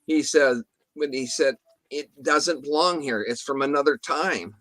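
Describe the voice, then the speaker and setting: A man's voice: a little high, unhurried, fairly bright tone, no room sound. A man telling a story in a casual interview, rambling with restarts and mild swearing, acting out what others said. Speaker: guest telling an encounter story.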